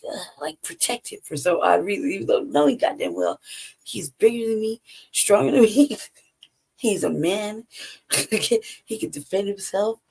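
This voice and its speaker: Gravelly, husky woman chatting and laughing. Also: medium pitch. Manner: animated, laughs often, swears freely. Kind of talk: casual chat.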